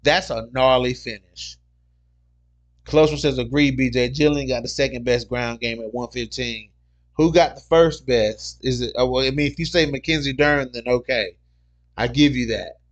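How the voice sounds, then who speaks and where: An excitable man hosts a casual livestream about fights, reading viewer comments aloud as they come in. He talks in loose slang and repeats his points over and over. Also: medium pitch, moderate pace, dull audio. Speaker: MMA livestream host.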